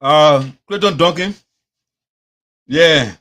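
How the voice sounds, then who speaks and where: A Liberian man hosting an opinionated commentary show. He talks in an animated way, mixes in phrases of his local language, and mimics the people he talks about. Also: a little high, extremely slow. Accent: Liberian English. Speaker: host.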